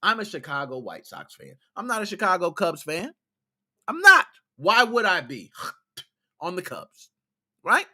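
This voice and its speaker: A high-pitched, sharp-toned man hosts a gaming podcast and rants heatedly. Exasperated, he scolds his listeners in casual slang, cursing plenty.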